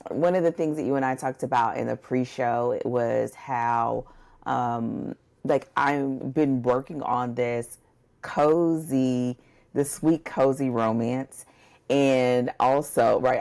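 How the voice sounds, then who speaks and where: A woman with a very low, gravelly voice co-hosts a book podcast. She talks casually and loosely, full of fillers and asides to her listeners. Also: slow pace, a little mellow. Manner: chatty, drawls "y'all, listen", many fillers. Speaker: podcast co-host and book coach. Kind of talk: casual chat.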